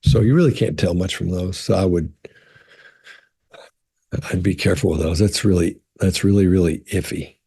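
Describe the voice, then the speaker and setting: A man's voice: low voice, moderate pace, long pauses, mellow, husky. A man, a body language expert, answers viewer questions in a casual, conversational way and often repeats words as he restarts. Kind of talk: casual explanatory talk.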